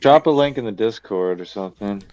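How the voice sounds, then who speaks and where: Tired low-voiced guy rambling with lots of likes, dull muffled sound. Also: lively intonation, fairly quick, a little mellow. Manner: laid-back, swears, lots of "like" fillers. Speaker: player. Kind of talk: casual chat. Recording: dull lo-fi call audio.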